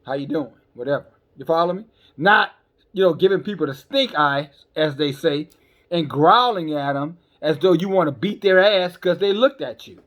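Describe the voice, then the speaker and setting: A male preacher with a notably high voice delivers a fiery sermon. He is blunt and scolding with his listeners and keeps stumbling over repeated words. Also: normal speed, a bit bright. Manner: scolding, calls listeners sisters and brothers.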